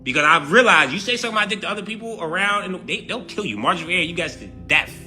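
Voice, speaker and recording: A man's voice: high-pitched, fast, faint music behind. A man with a New York accent giving a brash, profane mock vocabulary lesson. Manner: brash, profane, animated delivery. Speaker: comedic vocabulary teacher.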